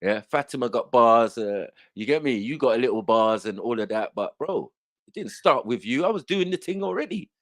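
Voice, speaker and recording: A brash man hosts an online panel and goes on a heated, boastful rant full of swearing. His pitch swings up and down a lot as he talks. The sound is dry and close to the mic. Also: expressive, a little fast, dry recording. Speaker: host of an online panel show.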